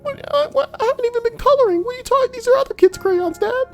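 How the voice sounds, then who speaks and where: A man voicing an anxious, whiny little boy in a squealing falsetto, crying and gasping for air. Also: quick pace, faint music behind. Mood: panicked whining.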